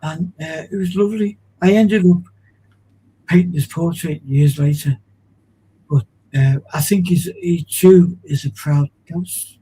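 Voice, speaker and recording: A man's voice: fairly high pitch, fairly even intonation, measured pace, mellow, husky, low-quality recording. A man, a guest on a chat show, reminiscing in a rambling, digressive way with many restarts.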